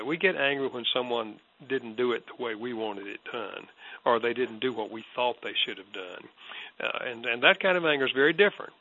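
An older man, a guest counselor, answering an interview question with an earnest, reflective personal story. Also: mid-range voice. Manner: earnest, reflective, soft-spoken. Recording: dull lo-fi audio.

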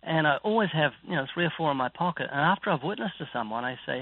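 An evangelist with a New Zealand accent is interviewed about his faith, speaking in a fairly high, animated voice at a fast clip. He comes across as earnest and preacherly, telling vivid stories. The dry, phone-like line carries no room sound.

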